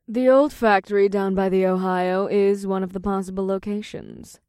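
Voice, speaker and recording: A man voicing a poised female succubus who runs a club, speaking in a languid, measured, affectionate way. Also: sits high, a little mellow, clear, resonant tone, dry recording, clean studio sound, voice pushed up. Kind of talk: audiobook character voice.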